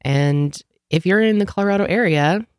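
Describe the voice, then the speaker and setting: A woman's voice: fairly low pitch, moderate pace, clear, resonant tone, no room sound, studio quality. A woman co-hosting a casual podcast chat, congested with a sore throat, rambling with lots of fillers. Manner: rambling, filler-heavy, laughs often. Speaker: podcast co-host.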